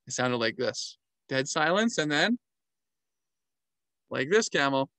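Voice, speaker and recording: A man tells stories from his travels in an animated, casual way, acting out the animals' sounds and movements as he goes. His voice sits a little on the high side. The sound is dry and close, with no room echo. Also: takes it slowly. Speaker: travel vlogger and storyteller.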